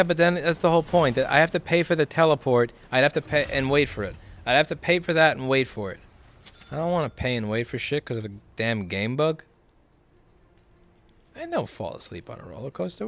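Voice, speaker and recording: A man's voice: medium pitch, quick pace, fairly bright tone, a little hiss or hum. A man casually commenting live on his video game, swearing often, ranting in frustration and answering his chat. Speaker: livestreamer playing a video game. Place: at a computer while streaming.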